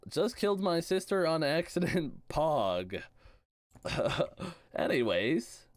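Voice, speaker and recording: A man with a slightly high voice, streaming a game live and chatting with his viewers. He reads their messages aloud and answers them casually. His pitch jumps up when he greets people. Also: lively intonation, normal speed, no echo, studio quality. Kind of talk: live-stream chat reading while gaming.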